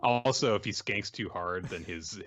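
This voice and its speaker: A man's voice: lowish voice, normal speed, fairly bright tone, lo-fi sound. A man co-hosting a podcast in casual chat, making dry sarcastic quips and trailing off with "so". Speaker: podcast co-host.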